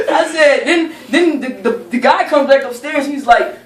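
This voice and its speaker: A young woman casually telling a funny story to friends, animated and profane, often laughing as she talks. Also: fairly high pitch, normal speed. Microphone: camera held by a friend. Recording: roomy sound from a distant camera, faint noise.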